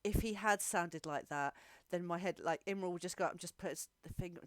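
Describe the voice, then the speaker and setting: A woman's voice: fairly low pitch, brisk. A woman playing in a tabletop game, giggly and playful. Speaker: player. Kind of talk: casual tabletop game chat.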